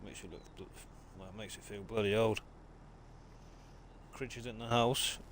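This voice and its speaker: Gravelly man chatting on stream. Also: lowish voice, fairly even intonation, a little slow, slight background noise. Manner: chatty, laughing, greets viewers as mate. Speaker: game streamer. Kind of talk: live-stream chat while gaming.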